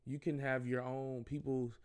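A man's voice: medium pitch, flat delivery, normal speed, darkish tone, smooth. Rambling, earnest young man podcasting. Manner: rambling, earnest, repeats himself, slangy. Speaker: podcast host. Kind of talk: casual solo podcast monologue.

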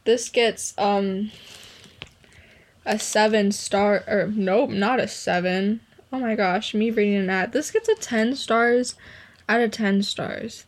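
Young woman gushing over songs, kinda high voice, says like a lot. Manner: gushing, emotional, heavy use of "like". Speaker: podcast host. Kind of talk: casual music review chat.

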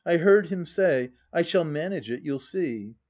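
Smooth, quietly triumphant gentleman, low and measured, as read by a man, lo-fi audiobook sound. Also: expressive. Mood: hushed. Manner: quiet and measured, sometimes murmured. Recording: dull lo-fi audiobook recording.

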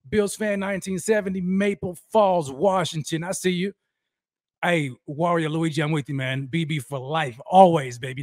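A man hosting a fan livestream, energetically shouting out viewers by name and talking about how fired up he is. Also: on the high side, fairly even intonation, moderate pace, dry recording, studio quality. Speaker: host of a fan livestream show. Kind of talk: energetic live-stream roll call.

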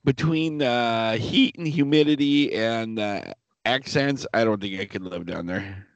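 A man's voice: medium pitch, measured pace, dull audio. A man co-hosting a podcast in casual chat, blunt and wry, with some swearing. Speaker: podcast co-host.

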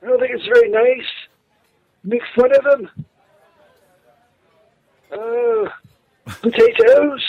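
A man voicing a rambling, tipsy Saint Patrick in a halting, slurred voicemail. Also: very high-pitched, very animated, lo-fi sound, heavily acted.

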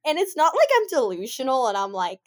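A woman co-hosting a podcast, talking bluntly and laughing a lot. Her voice sits a little high and swings widely in pitch. She keeps it casual and swears freely. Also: very animated, brisk. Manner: blunt, laughs often, playful profanity. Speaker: podcast co-host. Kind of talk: casual chat.

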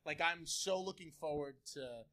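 A man co-hosting a live podcast, jumping in with quick remarks and sports analysis. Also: fairly high pitch, bright, forceful tone. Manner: fast, interjecting, sports talk. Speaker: podcast co-host.

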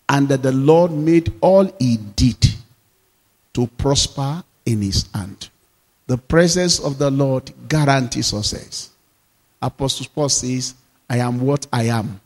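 Husky-voiced man preaching a sermon. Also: medium pitch, long reverb tail. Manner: swings between loud declarations and quiet asides; repeats phrases and leads call-and-response. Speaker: pastor.

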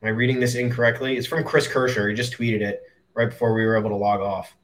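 A man's voice: mid-range voice, flat delivery, fast talker, fairly bright tone. Easygoing man co-hosting a podcast. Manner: easygoing, mock-annoyed. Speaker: podcast co-host. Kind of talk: casual sports podcast chat.

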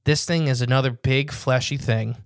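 A man co-hosting a casual podcast, rambling and joking, slowing down to stress details. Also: mid-range voice, steady tone, smooth, dry recording, clean studio sound. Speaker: podcast co-host.

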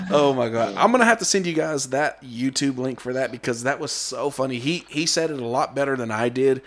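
A man's voice: mid-range voice, animated, a little fast, hardly any pauses, a bit bright. A man, chatting on a podcast and telling stories animatedly, laughing at his own jokes. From Texas. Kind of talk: casual chat.

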